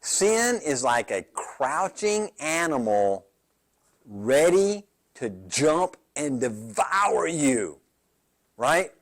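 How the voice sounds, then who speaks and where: A male pastor leads a Bible study in a casual, back-and-forth way. He keeps asking his listeners "right?" and doubles back on his words. His slightly high voice swings widely in pitch. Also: big pitch swings, extremely slow. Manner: conversational, asks the group questions like "right?"; repeats words as he goes. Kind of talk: midweek Bible study teaching.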